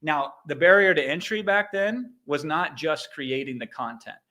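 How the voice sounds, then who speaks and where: A middle-aged American man giving an energetic motivational business talk, emphatic and animated. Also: on the high side, moderate pace. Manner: animated, emphatic, mimics sound effects. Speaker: guest speaker on a live business training.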